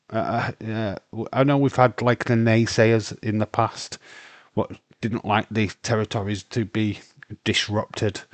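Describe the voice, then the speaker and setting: Rambling British man, low voice. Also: no room sound. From United Kingdom. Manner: rambling and blunt, with mild swearing and many fillers. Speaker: watch-along streamer. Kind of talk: casual live commentary.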